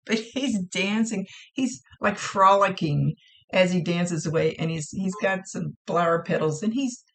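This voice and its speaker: A woman psychic medium giving a gentle, reassuring spoken reading to a viewer, often repeating herself. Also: lowish voice, slow pace.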